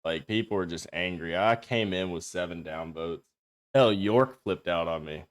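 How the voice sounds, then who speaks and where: A man's voice: deep voice, normal speed. Profane, rambling male streamer. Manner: profane, rambling, talks straight to chat. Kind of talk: casual stream chat. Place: home streaming setup with green screen.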